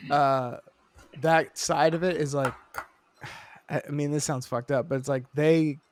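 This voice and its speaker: A man's voice: fairly high pitch, fairly even intonation, a little slow, a little hiss or hum. A man in his thirties co-hosting a casual comedy podcast, laughing often and mixing mock-formal bits into loose chat. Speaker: podcast co-host.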